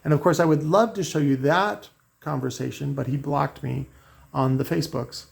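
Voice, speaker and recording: A man's voice: a little high, steady tone, normal speed, creaky. A man talking in a rambling, profane monologue, reading out messages and restarting his sentences often. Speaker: car audio maker and host. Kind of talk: casual ranting monologue.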